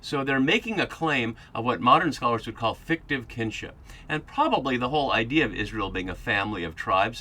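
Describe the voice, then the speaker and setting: A podcast host with a lowish, pushed, bright voice leads a Bible study lecture. He explains passages while thinking aloud, full of fillers and restarts.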